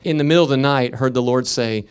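A man's voice: mid-range voice, quick pace, smooth. A middle-aged man preaching a fervent sermon as pastor, telling stories between declarations.

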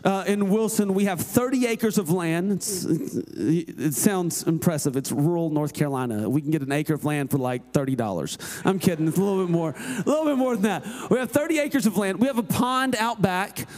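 A man, preaching a sermon through a personal story, dropping to quiet asides and rising to shouted emphasis. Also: sits high, normal speed, hardly any pauses. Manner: animated, swings from hushed asides to shouted emphasis. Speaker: pastor.

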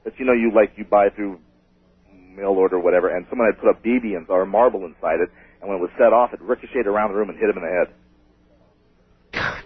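A man calling in to a radio show, telling a ghost story in an excitable, rambling way. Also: on the low side, quick pace, long pauses, husky. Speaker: caller. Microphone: telephone. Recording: tinny phone line.

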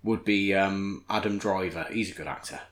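A man's voice: low voice, moderate pace, a bit bright. A man with a Bristol accent joking at his own expense in casual banter with friends on a gaming podcast. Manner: self-mocking, jokey. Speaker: podcast co-host.

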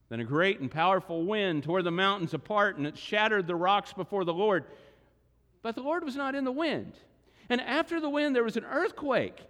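A male pastor delivering a sermon, expressive and animated, acting out the words of scripture figures in a church sanctuary. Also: sits high. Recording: long reverb of a large hall.

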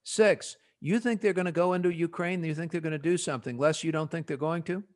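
A male podcast host with a New Jersey accent and a fairly high voice. He runs the panel in an animated, jokey way. He fires quick questions at his guests. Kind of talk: casual panel discussion.

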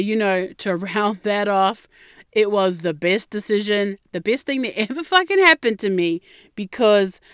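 A woman's voice: mid-range voice, a bit bright, clear, resonant tone, no room sound, clean studio sound. A young woman telling a personal story in a blunt, sassy way, swearing heavily as she talks straight to her viewers. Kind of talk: candid storytelling monologue.

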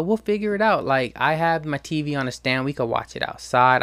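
A man's voice: mid-range voice, fairly bright tone, dry recording. A young man hosting his own show, talking casually in a slangy, profane, ranting way. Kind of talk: casual monologue.

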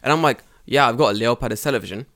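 A man's voice: mid-range voice, racing, a bit bright. Profane man telling a story. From England. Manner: profane, storytelling, acts out quoted voices. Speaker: podcast co-host. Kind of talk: casual chat.

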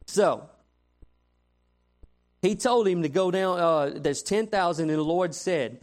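Man, youth pastor, lively storytelling sermon, voice on the higher side. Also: takes it slowly, pauses often. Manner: animated storytelling, frequent "right?" asides. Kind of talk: conversational sermon.

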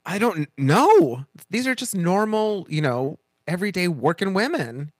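Animated man in casual chat. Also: sits high, unhurried, dry recording, studio quality. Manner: animated storyteller, acts out quoted voices. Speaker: podcast co-host.

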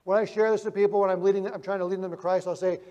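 Guy preaching, storytelling with big loud-soft swings, high voice, lots of hall reverb. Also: flat delivery, racing, dull audio. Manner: vivid storytelling with swings from loud emphasis to quiet. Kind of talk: sermon.

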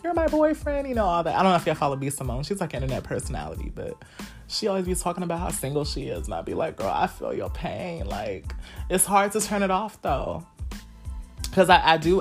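Brief: low-pitched woman in her twenties, candid solo podcast host, salty and laughing, soft music behind. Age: 20s. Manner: frank, profane, laughing, talks straight to listeners.

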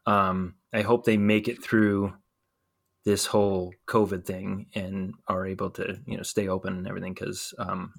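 A man co-hosting a podcast, chatting casually in a relaxed, rambling way with many fillers. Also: deep voice, normal speed, gravelly. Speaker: podcast co-host. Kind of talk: casual chat.

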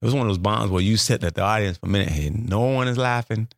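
A man telling a profane story in a loose, animated way, jumping up in pitch to act out the people in it. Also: quick pace, gravelly, dry recording, studio quality. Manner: animated, profane, acts out quotes with big pitch jumps. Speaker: comedian telling a story as a podcast guest. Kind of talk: casual storytelling.

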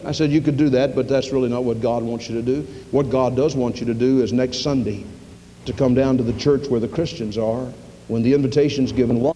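A middle-aged male pastor preaching a sermon, telling folksy stories and acting out dialogue with sudden jumps in pitch. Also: steady tone, fairly quick, warm tone, dull audio, slight background noise. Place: church sanctuary. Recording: long reverb of a church hall.

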